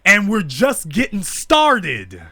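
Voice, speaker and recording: A man giving an emphatic live-streamed monologue, preaching in repetitive build-ups and rising to shouts. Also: sits high, wildly swooping pitch, takes it slowly, no echo, studio quality.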